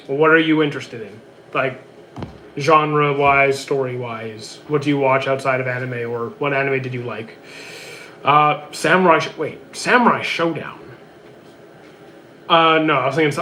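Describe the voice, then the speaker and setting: A man streaming, reading out chat questions and answering them in a quick, offhand way with many fillers, his voice worn out. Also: a little high, fairly bright tone, slight background noise. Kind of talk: casual livestream chat.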